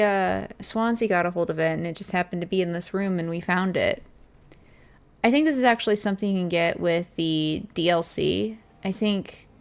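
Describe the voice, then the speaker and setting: Woman, let's-play host, reads game text then comments, unhurried delivery. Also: medium pitch, gravelly. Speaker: gaming streamer.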